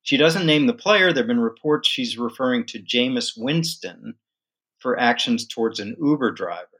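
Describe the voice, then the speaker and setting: A man guest with a legal background, giving an animated, emphatic explanation in a podcast interview. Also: medium pitch, moderate pace, husky. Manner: animated, emphatic storytelling with occasional laughs. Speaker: guest legal and sports business analyst.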